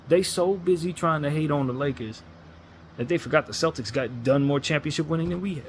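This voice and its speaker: A man's voice: on the high side, fairly quick, a little hiss or hum. A man ranting as a sports fan commentator, blunt and frustrated, hammering his points with repetition.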